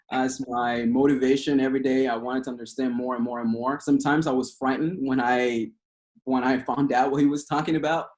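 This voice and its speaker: A man's voice: medium pitch, a little mellow. A man in his thirties from Cuba with a Cuban Spanish accent, a native Spanish speaker giving a casual, passionate talk that rambles with restarts. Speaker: guest speaker. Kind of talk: casual talk over a video call.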